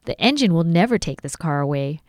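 A woman's voice: low-pitched, animated, brisk, darkish tone, no echo, clean studio sound. A woman voicing a sensible older boy in a storybook reading, speaking firmly and reassuringly.

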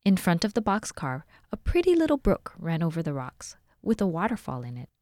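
A woman with a lowish voice reads a children's story aloud, clear and expressive. The recording is close and dry, with no echo at all. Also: brisk. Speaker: library volunteer reading aloud.

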